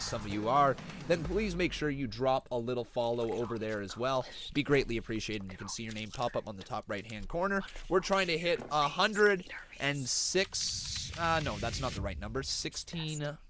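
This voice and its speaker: A young man from Canada runs a live reaction stream in a relaxed, chatty way, with a voice that sits in the middle of the range. He addresses viewers directly and now and then bursts into loud, excited shouting. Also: mid-range voice.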